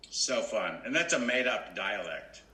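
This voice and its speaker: A man's voice: lowish voice, expressive, measured pace, bright, forceful tone. A man coaching an actor on a video call, explaining in an easygoing way with lots of fillers. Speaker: acting coach. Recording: roomy video call with faint ambience.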